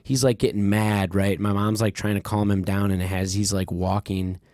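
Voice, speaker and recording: A man's voice: low-pitched, completely flat delivery, normal speed, a little mellow, no echo. A man hosting a podcast, telling a childhood story in a rambling, candid way, swearing freely and leaning on fillers. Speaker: podcast host. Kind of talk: casual conversational storytelling.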